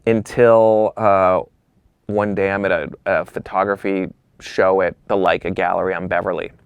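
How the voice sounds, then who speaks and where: A man with a low, gravelly voice recounting anecdotes as an interview guest. He talks animatedly, acting out the dialogue and swearing casually, and the sound is close and dry. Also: fairly even intonation, moderate pace, no room sound, phone-quality sound. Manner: acts out quoted dialogue in shifting voices. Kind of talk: animated storytelling.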